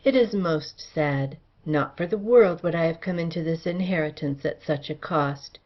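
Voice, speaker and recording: A woman reading the part of a smooth, guarded young gentleman heir in an audiobook, with courteous, old-fashioned speech. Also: deep voice, moderate pace, dull audio.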